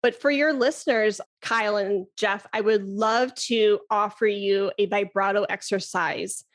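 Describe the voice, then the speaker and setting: A woman flute teacher talking on a podcast in an animated way, laughing often and demonstrating breath sounds. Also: medium pitch, measured pace. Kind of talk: casual podcast conversation.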